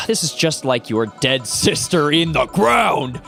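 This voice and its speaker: A man's voice: fairly high pitch, very animated, slow pace, creaky, a bit bright, soft background music, heavily acted. A man voicing a weary female bartender who is guilty and bitter, reading her lines aloud with brooding self-reproach.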